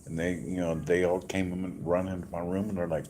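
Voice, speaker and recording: A man's voice: deep voice, flat delivery, a little fast, warm tone. A man in a hospital room giving a casual, rambling update, telling stories with many asides. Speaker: vlogger.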